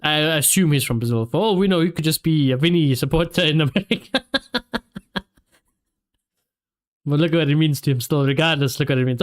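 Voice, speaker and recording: Male streamer, high voice, excitable live football watchalong host. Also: moderate pace, long pauses. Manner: excitable, reacts to play and reads viewer comments aloud. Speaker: streamer hosting a match watchalong.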